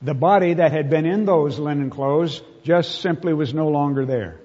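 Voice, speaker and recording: Man, sermon, husky voice, slightly high pitch, long hall echo, dull sound. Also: moderate pace, a little mellow. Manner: earnest, emotional, dramatic readings. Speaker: preacher. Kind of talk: sermon, reading scripture aloud.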